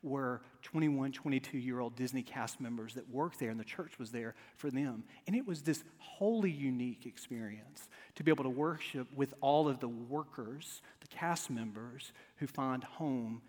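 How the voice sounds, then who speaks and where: A male pastor preaching a sermon to his congregation, telling stories with humor and swinging from quiet asides to loud emphasis. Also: medium pitch, moderate pace, few pauses. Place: church sanctuary before a congregation. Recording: long reverb of a large church hall.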